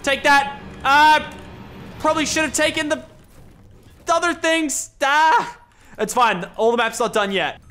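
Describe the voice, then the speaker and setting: A young man giving excited gameplay commentary, laughing and chatting to opponents. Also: extremely high pitch, measured pace, pauses often. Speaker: gaming YouTuber.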